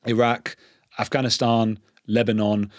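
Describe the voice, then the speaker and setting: An English man, a podcast guest, talking in a quick, earnest way and restarting his sentences often. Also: fairly low pitch, level tone, no echo, studio quality. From England. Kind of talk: conversational interview.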